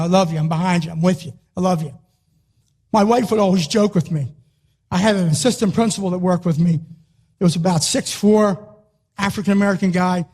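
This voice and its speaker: An older man giving a motivational speech to an audience, emphatic and repetitive, sometimes rising to a shout. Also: sits high, slightly rough. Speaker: motivational speaker.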